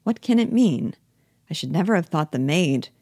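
A woman reading the part of Torvald Helmer, a genteel and condescending husband in a classic stage play, in a brisk, fussy manner. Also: on the low side, expressive, warm tone, breathy edge, dry recording, studio quality. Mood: puzzled.

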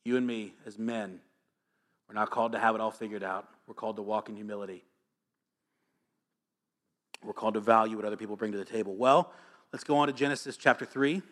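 A man preaching a sermon as pastor, energetic and joking, reading scripture aloud between stories. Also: on the low side, brisk, pauses often.

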